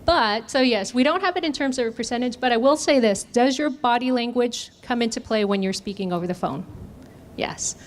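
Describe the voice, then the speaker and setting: A woman's voice: on the high side, fairly quick. Upbeat woman leading a workshop. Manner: engaging, asks audience questions. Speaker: workshop trainer. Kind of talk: interactive training workshop. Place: conference room.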